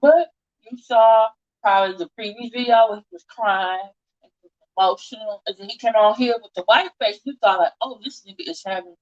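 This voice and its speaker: A woman with a higher-pitched voice hosts an online audio chat room, speaking casually and with lots of slang directly to her listeners. She talks briskly, and the recording sounds muffled.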